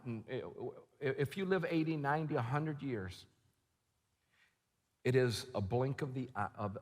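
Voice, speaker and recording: A middle-aged man giving a storytelling sermon at a conference, animated and shouting at the peaks. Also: mid-range voice. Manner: animated, shouting at the peaks, laughing, quoting himself. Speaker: conference speaker. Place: large conference hall. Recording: long hall reverb.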